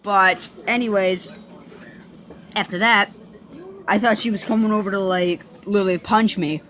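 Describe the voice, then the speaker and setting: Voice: mid-range voice, fairly even intonation, normal speed, fairly bright tone, a little hiss or hum. Here is a young vlogger recounting a story from childhood in a loose, rambling way. They stumble through restarts, lean on fillers, and drop casual swears as they go. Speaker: vlogger telling a personal story.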